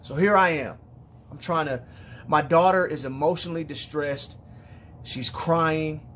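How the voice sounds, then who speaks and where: A man with a fairly high voice speaks very slowly in an emotional personal monologue as a father. He sounds weary and heartfelt, halting often, repeating words and restarting his sentences. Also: fairly bright tone, slight background noise. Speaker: father speaking to other parents.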